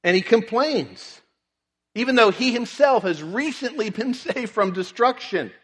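A man's voice: very high-pitched, expressive, unhurried, husky. A man preaching a sermon, earnestly reading and explaining scripture. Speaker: pastor. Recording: long reverb in a large hall.

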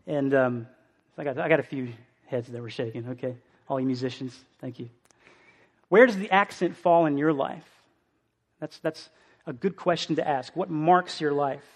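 A man's voice: fairly high pitch, moderate pace. A young adult man preaching a sermon as a pastor, earnest and emotional, asking the listeners questions in a conversational way.

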